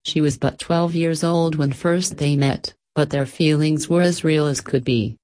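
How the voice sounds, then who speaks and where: A woman reading a storybook aloud with gentle, measured narration. Her voice sits notably low. She keeps the telling unhurried. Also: steady tone.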